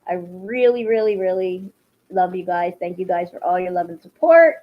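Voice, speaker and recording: A woman's voice: on the low side, lively intonation, moderate pace. A woman hosting a casual livestream, talking emotionally to her viewers and swinging into heated rants. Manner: emotional, swings into angry ranting. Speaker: livestream host. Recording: lo-fi livestream audio.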